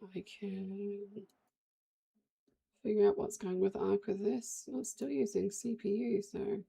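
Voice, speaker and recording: Australian woman, game streamer, creaky gravelly voice, loose rambling chat to her viewers. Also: mid-range voice, flat delivery, takes it slowly, dark tone. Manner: rambling, chatty, talks to chat while playing. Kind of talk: casual live-stream chat.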